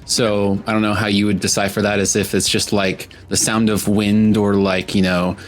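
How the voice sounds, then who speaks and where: A man's voice: on the low side, flat delivery, moderate pace. A man playing a tabletop game, talking in a chatty, hesitant way and stepping into his character. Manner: hesitant, chatty, with many restarts. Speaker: player.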